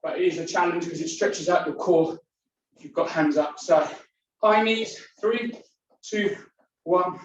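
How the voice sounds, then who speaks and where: A woman leads an indoor workout class, counting down each set and calling out moves while she exercises along, her breath coming hard between exercises. She talks at an unhurried pace despite the effort. The recording sounds distant and muffled, in a strongly echoing room with a faint hiss. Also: fairly low pitch. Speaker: fitness instructor. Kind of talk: leading a home workout class. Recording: very echoey room, distant mic, dull sound, faint noise.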